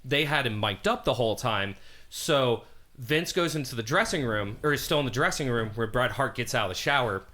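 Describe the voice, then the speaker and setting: An English Canadian man with a bright, ringing voice tells stories on a podcast. He talks at an even middle pitch, full of energy, and breaks into laughs. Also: brisk. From Montreal, Canada. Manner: animated storytelling, laughs often. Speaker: podcast co-host. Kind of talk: casual chat.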